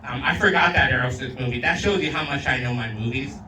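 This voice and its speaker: A male comedian doing a crude, rowdy stand-up set, slipping into Spanish and loud put-on voices. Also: fairly high pitch, lively intonation, fast, few pauses, noisy background. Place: outdoor backyard show. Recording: roomy sound from a distant mic.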